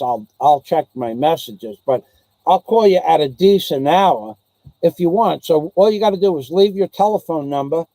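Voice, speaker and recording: A man with a mellow voice that leans high rambles through old memories as a channel host, captured in a dry recording. His storytelling is repetitive and loose, and he mimics others' voices in anecdotes.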